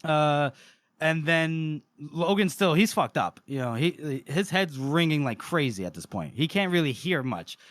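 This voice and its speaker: Animated man retelling a story. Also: fairly high pitch, a little slow, no echo. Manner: animated retelling, acts out the characters' lines. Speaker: podcast co-host. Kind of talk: casual chat recapping a book.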